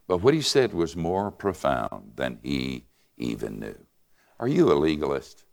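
An older man preaching a sermon and telling a story in an animated, conversational way. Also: rumbling low, unhurried, vocal fry. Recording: reverberant hall.

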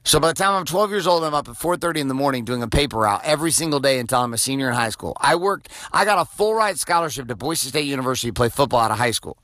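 A man in his forties hosts a podcast, talking off the cuff in an intense, profane, filler-heavy way. His voice is forceful and tense. The sound is dry and close. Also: medium pitch, lively intonation, very fast, hardly any pauses, dry recording. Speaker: podcast host. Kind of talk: off-the-cuff motivational monologue.

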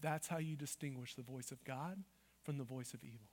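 A man preaching a sermon, dropping to hushed asides and rising to loud, emphatic declarations. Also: mid-range voice, brisk, big-room sound. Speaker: pastor.

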